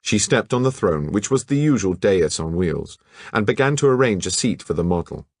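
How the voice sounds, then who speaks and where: A man narrating a novel as an audiobook in measured, even storytelling. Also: low voice, dry recording, studio quality.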